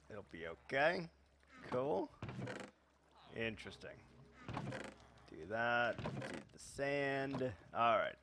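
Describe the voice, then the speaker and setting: A man's voice: medium pitch, expressive, slow pace, pauses often, fairly bright tone, slight background noise. A man hosting a let's play in casual gameplay commentary, rambling and correcting himself with many fillers.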